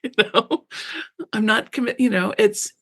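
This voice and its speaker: Speaking a little high and a little slowly, this middle-aged author is a guest on a radio interview. She chats casually and animatedly, laughs often, and puts on little voices for quotes.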